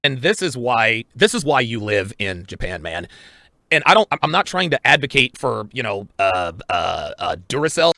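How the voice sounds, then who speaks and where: A man with a gravelly, creaky voice that swings widely in pitch talks brashly on a podcast. The sound is dry and close, and he trips over fillers as he goes. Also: sing-song, bright, forceful tone, dry recording. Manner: brash, halting, filler-heavy. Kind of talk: casual podcast talk.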